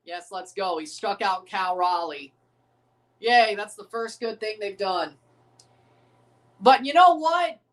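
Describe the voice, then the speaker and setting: A woman's voice: mid-range voice, lively intonation, slow, pauses often. Profane, joking woman hosting a watchalong. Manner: profane, joking, abrasive on purpose. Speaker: livestream host. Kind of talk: live sports watchalong commentary.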